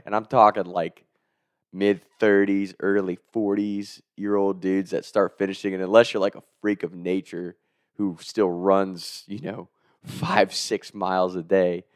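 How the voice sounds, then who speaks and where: A man's voice: sits low, no room sound, clean studio sound. A man casually telling a funny story, chuckling as he goes and swearing freely. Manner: chuckles through the telling, profane, animated.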